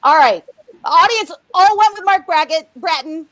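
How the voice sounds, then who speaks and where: A woman hosting a live comedy game show over a video call, riffing fast and swearing freely. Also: very high voice, animated, a bit bright, no room sound.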